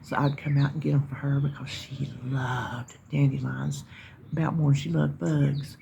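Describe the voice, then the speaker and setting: A woman's voice: very deep voice, little pitch movement, normal speed, creaky, dark tone, muffled recording, slight background noise. A middle-aged woman with a Southern US accent, chatting casually to her viewers in a rambling, folksy way, sitting outside in her yard. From North Carolina, US. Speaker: vlogger. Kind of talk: casual chat. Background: birds chirping.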